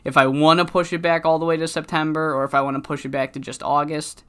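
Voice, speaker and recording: A man's voice: on the high side, level tone, fast talker, bright, forceful tone, clean tone. A man commentating on his game in a rambling, profane casual style, his voice cracking from being sick. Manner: rambling, profane, many fillers. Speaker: let's-play commentator.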